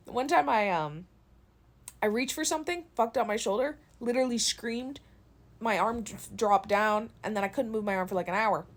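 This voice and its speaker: A woman's voice: a little high, moderate pace. A young woman and content creator venting in a casual vlog, telling stories with lots of swearing and laughter into a phone. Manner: profane, animated storytelling with laughs.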